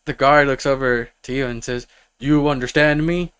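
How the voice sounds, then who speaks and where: A man's voice: medium pitch, fairly even intonation, normal speed, fairly bright tone, clean tone, close to an everyday voice. A man voicing a suspicious male dwarf gate guard in a tabletop game, blunt and barking. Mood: gruff.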